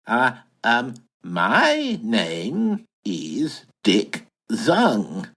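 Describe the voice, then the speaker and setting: A man's voice: medium pitch, huge pitch swings, drawn-out words, a bit bright, full character voice. A man playing a flustered posh bumbler. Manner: flustered, posh, hesitant, wildly swooping delivery. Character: bumbling posh English time-traveller, retired man. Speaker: lead character and narrator. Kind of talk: comic audio drama acting.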